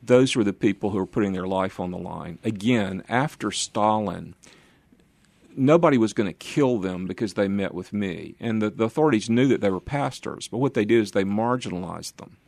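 Older man with a low, dry voice. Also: moderate pace, creaky, a little mellow, no echo. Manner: earnest storytelling with easy laughs. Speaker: pastor and guest. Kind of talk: interview recounting ministry.

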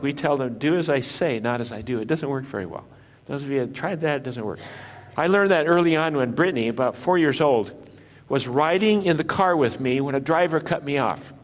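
A man of middle pitch preaching to his congregation from a church sanctuary, his voice carrying a long hall reverb. He repeats his key lines for emphasis and keeps putting questions to the listeners. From Japan. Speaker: pastor. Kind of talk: sermon.

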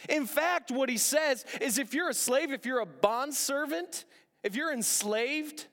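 A man with a very high, slightly bright voice preaches unhurriedly as a pastor, his words carried by long, echoing hall reverb. He is earnest, repeating phrases for emphasis and posing rhetorical questions.

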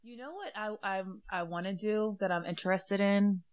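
A woman's voice: mid-range voice, moderate pace. A woman co-hosting a casual podcast, playful and giggly as she chats.

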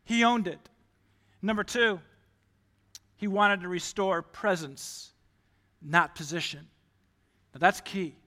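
Bright emphatic pastor in a reverberant hall. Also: male voice, high-pitched, takes it slowly, long pauses. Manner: emphatic, rising loud on key points. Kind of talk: sermon. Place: church.

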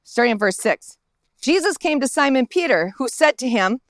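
A woman pastor preaching in a casual, conversational way, slipping into the voices of the people in the story. Her voice sits high, and the sound is close and dry, with little echo around it. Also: expressive, moderate pace. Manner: conversational, acts out the Bible characters' lines. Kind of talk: sermon. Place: outdoors in a park.

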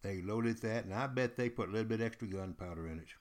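A man telling a history story aloud in a lively, folksy way, speaking straight to the listener. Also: lowish voice, quick pace. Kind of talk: oral storytelling.

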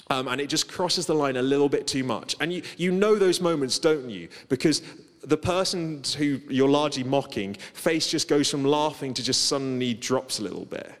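A man preaching a sermon, telling personal stories in a conversational, self-deprecating way. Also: medium pitch. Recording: long reverb of a large hall.

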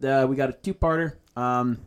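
A man's voice: mid-range voice, fairly even intonation, moderate pace, clean tone. A young man hosting a podcast, laid-back and joking, asking curious questions in casual chat. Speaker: podcast host.

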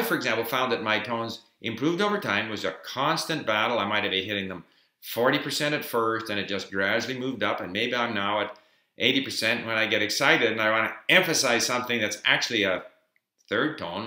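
A man's voice: fairly low pitch, expressive, a little fast, pushed and bright. A man giving an informal explanatory talk on learning a language, emphatic and dotted with fillers, sharing his own learning tips. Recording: roomy echo.

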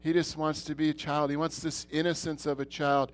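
A man's voice: fairly high pitch, flat delivery, fairly quick, soft background music. Earnest middle-aged man preaching a sermon. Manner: earnest, repeats himself, shifts between loud and soft. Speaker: pastor. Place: church.

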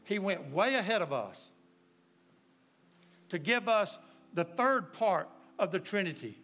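Folksy Southern preacher, bright high voice. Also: male voice, expressive, measured pace. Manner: folksy, storytelling, addresses the congregation directly. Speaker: pastor. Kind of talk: sermon.

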